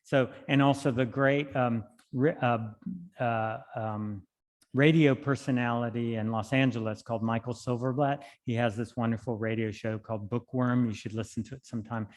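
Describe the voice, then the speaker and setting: A male poet giving a reading, speaking in an unhurried, thoughtful way between and through his poems. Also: medium pitch, steady tone, darkish tone. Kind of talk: poetry reading with spoken commentary. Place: library hall. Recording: long hall reverb.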